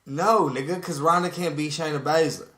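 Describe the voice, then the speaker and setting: A man's voice: on the high side, steady tone, moderate pace, a bit bright, reverberant. A man co-hosting a podcast, talking in casual, profane banter and acting out quotes. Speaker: podcast co-host. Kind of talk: casual chat.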